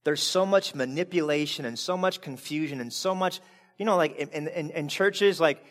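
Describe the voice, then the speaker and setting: A man preaching a sermon, swinging between quiet asides and emphatic peaks, often repeating words as he restarts. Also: a little high, moderate pace. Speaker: pastor.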